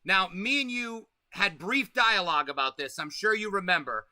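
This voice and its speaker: High bright-voiced male livestream host. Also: no echo. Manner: loose, swearing, slangy, drawn-out emphatic delivery. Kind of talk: casual livestream chat.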